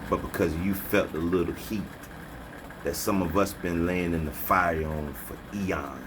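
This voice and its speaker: A man's voice: sits low, steady tone, unhurried, background noise. A man delivering a preachy motivational rant as a spiritual vlogger, scolding and taunting his listeners with repeated slogans. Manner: repeats slogans, mocking laughter.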